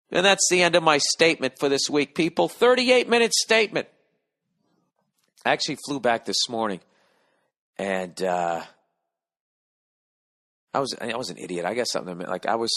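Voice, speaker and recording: A middle-aged American man hosting a podcast, telling a profane, animated comic story and acting out the people in it. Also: on the low side. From United States. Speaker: podcast host. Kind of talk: casual comedic monologue.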